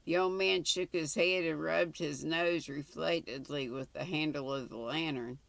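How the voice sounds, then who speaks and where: An older woman reading a ghost story aloud in a measured way, with occasional small slips. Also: deep voice, fairly even intonation, creaky, fairly bright tone, no echo. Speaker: channel host, story reader.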